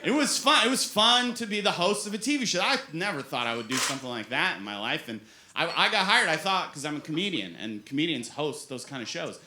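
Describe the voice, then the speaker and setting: A man in his forties does a stand-up set on a club stage, telling playful stories at his own expense. His slightly high voice has lively intonation and a fairly quick pace, with background noise, roomy club acoustics, and crowd laughter.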